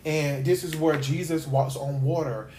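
A man's voice: a little high, steady tone, unhurried, dark tone, echoey room, a little hiss or hum. A man giving a sermon-style podcast talk as host and Bible teacher, emphatic and repetitive, piling up lists of questions.

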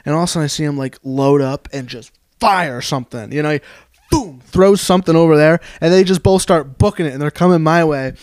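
Young male co-host, loose and profane, a bit high-voiced, close dry mic. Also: fairly quick, darkish tone, no room sound. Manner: rambling storyteller, swears a lot, acts out voices. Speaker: podcast co-host. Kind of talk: casual chat.

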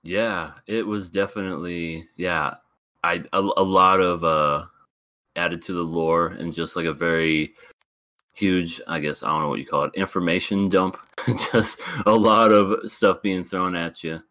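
Male podcast co-host, very low voice, dry sound, giggly and hesitant. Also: fairly even intonation, a little slow, sharp tone, dry recording. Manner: laughs a lot, hesitant with fillers. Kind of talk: casual chat.

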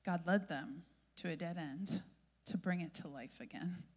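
Woman preacher with a lively storytelling style. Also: lowish voice, a little slow. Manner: lively storytelling, frequent "right?" asides. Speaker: pastor. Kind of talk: sermon.

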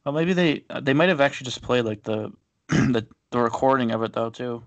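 A man's voice: mid-range voice, brisk, dry recording, rough recording. A man co-hosting a podcast, casually sharing baseball trivia with lots of fillers and an easygoing manner. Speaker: podcast co-host. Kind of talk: casual chat.

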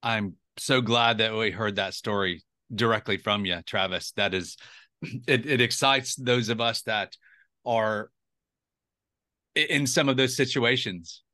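Man, podcast host, halting, restarts, bright tone. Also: fairly low pitch, dry recording, studio quality. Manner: halting, with restarts and a cleared throat. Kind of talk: casual interview talk.

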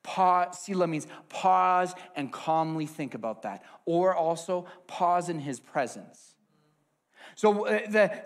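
A man preaching a sermon with an object lesson, swinging between hushed asides and loud emphasis. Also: sits high.

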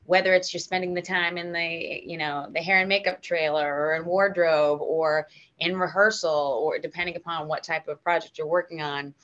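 Low, bright-voiced American woman storyteller. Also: moderate pace, highs cut off. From United States. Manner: animated, emotional, full of restarts. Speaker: guest actor. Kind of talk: casual interview storytelling.

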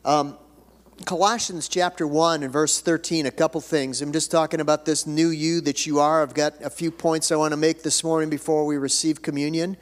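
A man's voice: on the high side, level tone, normal speed. An older man preaching a sermon as pastor, folksy and conversational, building to emphatic declarations. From United States. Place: church sanctuary. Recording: reverberant church hall.

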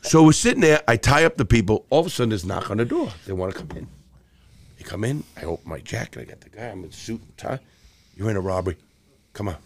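A man's voice: mid-range voice, big pitch swings, fast. A middle-aged man telling stories as a podcast guest, blunt and profane, with many restarts. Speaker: podcast guest, former jewel thief. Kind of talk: casual storytelling interview.

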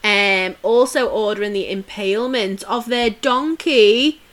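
A woman's voice: mid-range voice, a little slow, a bit bright. A woman co-hosting a casual podcast, telling history stories in a chatty way with many fillers and restarts. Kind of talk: casual chat.

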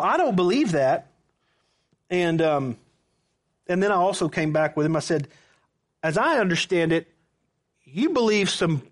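A man preaching a sermon, telling a personal story with quoted back-and-forth dialogue. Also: high voice. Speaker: pastor.

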